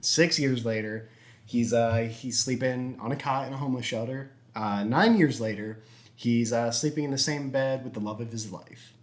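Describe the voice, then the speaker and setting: Giggly young man rambling through a joke. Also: medium pitch. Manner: rambling, giggly, acts out characters in quick snippets. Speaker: YouTube host telling a joke. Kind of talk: casual storytelling.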